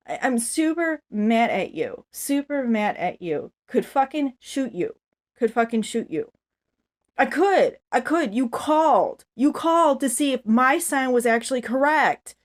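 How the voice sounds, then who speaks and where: A woman ranting angrily to the camera, rambling and swearing constantly as she vents. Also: fairly high pitch. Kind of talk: angry profane rant to camera.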